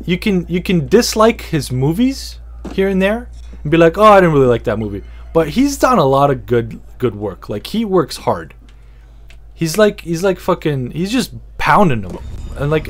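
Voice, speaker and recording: Podcast host, male, slightly higher voice, loose profane comic rambling with repeats. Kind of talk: casual comedic podcast chat.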